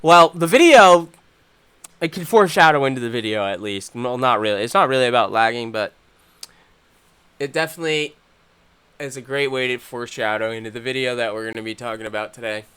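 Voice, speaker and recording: A young man hosting a live stream, talking in a profane, rambling way that swings from loud angry ranting to low, muttered talk. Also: animated, fairly quick, clean tone. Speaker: channel host.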